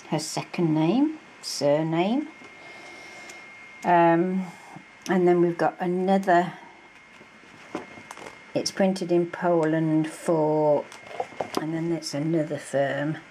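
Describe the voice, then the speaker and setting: Slow, low-voiced chatty woman crafter. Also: warm tone, slight background noise, poor audio. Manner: chatty, gushing, with many fillers. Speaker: crafting vlogger. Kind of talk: casual show-and-tell.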